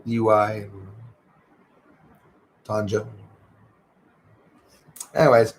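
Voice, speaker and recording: A man's voice: fairly low pitch, monotone, drawn-out words, low-quality recording. A man hosting a livestream, chatting casually and upbeat with his viewers and thanking them by name. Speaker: livestream host.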